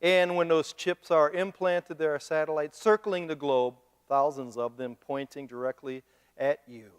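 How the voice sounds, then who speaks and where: Man, pastor, sermon, animated, joking, higher voice, long church-hall reverb. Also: moderate pace, clear, resonant tone. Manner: animated, joking, mimics other people. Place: church sanctuary.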